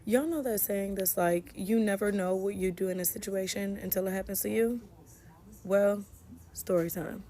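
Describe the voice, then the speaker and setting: A woman's voice: mid-range voice, normal speed, noisy background. A woman in a chatty, casual storytelling manner. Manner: chatty, conversational. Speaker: vlogger telling a story.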